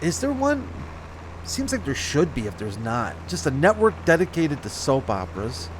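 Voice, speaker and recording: A man's voice: mid-range voice, big pitch swings, moderate pace, slight background noise. A man chatting casually over his farming game, rambling and correcting himself as he goes. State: slight hiccups. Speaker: gaming channel host. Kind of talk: casual let's-play commentary.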